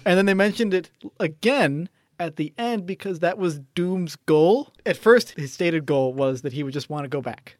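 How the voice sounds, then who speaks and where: A man's voice: on the high side, expressive, moderate pace, hardly any pauses, no echo. Man explaining with a dry close voice. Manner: analytical, nitpicking with laughs. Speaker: podcast co-host. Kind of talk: casual chat.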